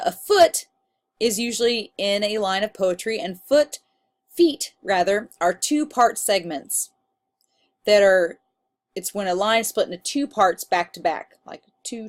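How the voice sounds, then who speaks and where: A woman teacher giving a recorded lecture, explaining in a casual, chatty way with fillers. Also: mid-range voice.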